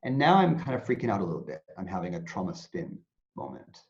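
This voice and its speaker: A male mindfulness teacher, appearing as an interview guest, explains his subject in a super lively, low voice with vocal fry and a quick pace. He's animated, acting out anxious inner voices, while the audio sounds muffled, dull and lo-fi.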